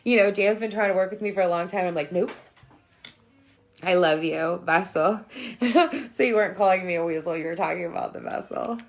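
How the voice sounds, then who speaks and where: Speaking fairly quickly in a lowish voice, this woman hosts a relaxed spiritual livestream. She's frank and full of swearing, laughing frequently as she replies to comments from viewers.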